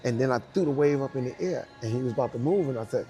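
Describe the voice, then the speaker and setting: Man, New York accent, lively storytelling, voices and sound effects, swears, faint music behind. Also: medium pitch, rapid-fire. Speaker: guest, dancer. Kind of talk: animated storytelling.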